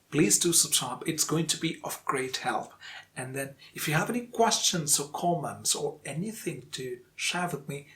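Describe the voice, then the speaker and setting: Male pronunciation teacher, voice a bit on the high side, deliberate and methodical, breaks words into syllables. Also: fairly bright tone. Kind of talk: video lesson.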